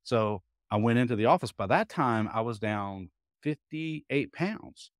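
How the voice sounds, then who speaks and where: A man's voice: mid-range voice, expressive, a little slow, no echo, clean studio sound. A man in his fifties, a guest telling his story in a casual interview, folksy, acting out quoted dialogue as he goes. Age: 50s. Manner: folksy, repeats words while thinking.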